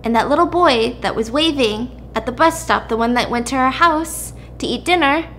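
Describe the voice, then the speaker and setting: A woman host casually recapping a drama plot with animated storytelling and quick asides to her co-host. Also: sits high, slight background noise. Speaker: podcast host.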